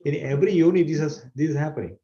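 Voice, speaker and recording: Brief: earnest male scripture teacher, mellow and dark tone, echoey, muffled recording. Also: on the high side, very fast. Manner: earnest, repeats key phrases, acts out gasps. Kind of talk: explanatory sermon to an online audience. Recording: roomy, dull-sounding recording.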